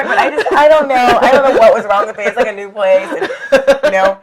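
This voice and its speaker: A young adult woman, a fitness trainer, chatting in an interview, an animated storyteller who laughs often and swears freely. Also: a little high, a little fast, crowd noise. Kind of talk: casual interview chat.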